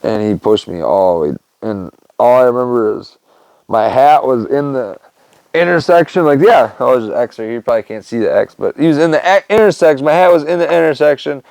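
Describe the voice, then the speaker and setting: A young man with a gravelly, creaky edge tells a long personal story as a podcast host. He rambles loosely and leans on fillers. The sound is dry and close, with no room around him. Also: medium pitch, lively intonation, a little fast, darkish tone, dry recording, low-quality recording. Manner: rambling, loose, lots of "man" and "you know". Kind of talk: casual storytelling monologue.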